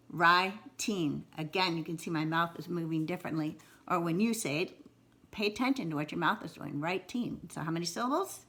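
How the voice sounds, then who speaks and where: A woman teaching a video lesson on syllables, repeating words slowly and exaggerating them, with encouraging asides. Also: on the low side, a bit bright. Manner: slow, exaggerated word repetition, encouraging. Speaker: writing teacher.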